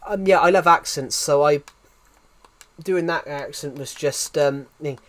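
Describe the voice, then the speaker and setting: Junger Brite mit dickem Akzent. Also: male voice, fairly high pitch, measured pace, fairly bright tone. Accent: thick regional British. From United Kingdom. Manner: rambling, repeats himself, restarts sentences. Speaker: game streamer. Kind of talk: casual livestream chat.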